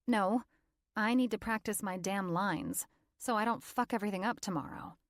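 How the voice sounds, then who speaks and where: A woman's voice: normal speed, no room sound, clean studio sound, lightly acted. A woman voicing a stubborn, feisty young actress in a raised, exasperated voice. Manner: exasperated, higher-pitched delivery.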